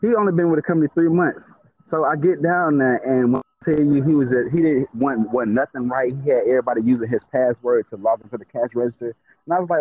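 A man's voice: mid-range voice, fast talker. A man in a casual podcast chat, telling stories with lots of repeats and stutters as he gets worked up. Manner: animated storytelling, stutters and repeats when worked up. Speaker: podcast co-host. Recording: tinny phone-like sound.

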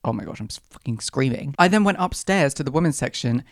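A man's voice: mid-range voice, expressive, fast talker, dry recording, clean studio sound. A young man hosting his own podcast, telling stories from his month in a sassy, dramatic way. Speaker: podcast host. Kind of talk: casual solo podcast storytelling.

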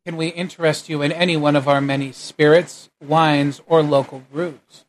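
A man's voice: a little high, level tone, moderate pace, lightly acted, low-quality recording. A man voicing a pair of polite female shop hostesses who welcome customers in a tabletop game.

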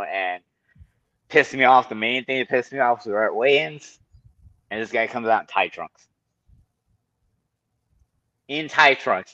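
A man on a podcast, a kickboxer and Muay Thai coach, telling stories in a lively, animated way and swearing often. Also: on the low side, no echo, lo-fi sound. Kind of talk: casual podcast chat.

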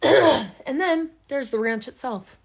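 A woman co-hosting a podcast, telling a story in a casual, animated way and laughing often. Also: sits high, slow, vocal fry, breathy edge. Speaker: podcast co-host.

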